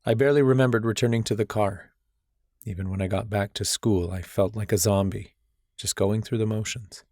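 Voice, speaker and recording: A man's voice: fairly low pitch, darkish tone, no echo, clean studio sound. A young man narrating a first-person audiobook in a brooding, intense way.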